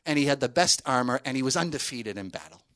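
A man's voice: mid-range voice, animated, quick pace, fairly bright tone. A man telling a story in a sermon to a group, conversational, with many fillers and asides.

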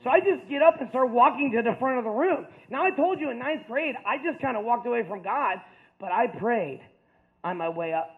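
A man's voice: very high voice, animated, a little fast, breathy edge. A man from the Ohio Valley telling a story to an audience, casual and rambling, self-mocking, with lots of filler words. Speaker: speaker. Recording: tinny phone-like sound.

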